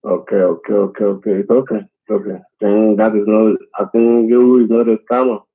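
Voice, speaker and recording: A man pleading over a tinny phone line, his voice fairly low and flat. He talks in broken English and piles up the same reassurances again and again. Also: a little fast, slightly rough. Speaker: phone scammer.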